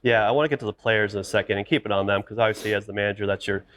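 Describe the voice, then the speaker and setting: A man with a fairly low voice hosts a sports podcast and interviews his guest. He talks conversationally and fills his questions with small hesitations. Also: steady tone, rapid-fire, a bit bright, a little hiss or hum. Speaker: sports reporter and podcast host.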